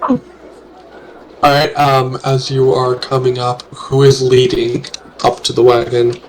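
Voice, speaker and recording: A man's voice: medium pitch, completely flat delivery, takes it slowly, a little hiss or hum. A man working as game master, narrating a tabletop game with hesitant, filler-laden phrasing.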